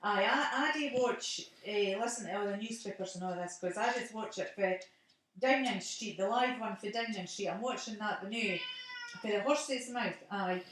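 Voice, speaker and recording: A woman's voice: medium pitch, moderate pace, a bit bright, heavy reverb, recorded from a distance, a little hiss or hum. A middle-aged woman with a Scottish accent, chatting casually on the phone at home and laughing often.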